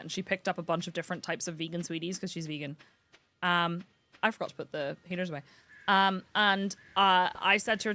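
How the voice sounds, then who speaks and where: A woman's voice: on the low side, steady tone, quick pace, pushed and bright. A young British woman chatting casually and giggling as she streams a farming game. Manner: giggly, chatty, self-mocking. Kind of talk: casual game livestream chat.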